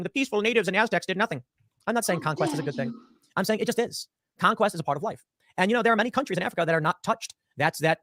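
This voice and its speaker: Male political commentator, fast and lively delivery, dry close mic. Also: sits high, dry recording. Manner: rapid, emphatic, lecturing. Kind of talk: opinionated commentary.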